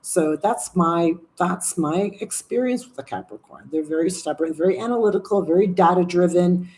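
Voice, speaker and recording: Woman, 60s, live-stream host; low, mellow, loose and chatty. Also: normal speed. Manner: chatty, rambling, swearing, reading viewer comments. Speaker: livestream host. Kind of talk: casual live chat.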